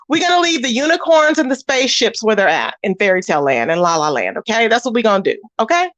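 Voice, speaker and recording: Sassy high-voiced woman livestreamer. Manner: sassy, animated, quick to laugh. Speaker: livestream host reading chat. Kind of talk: casual livestream chat.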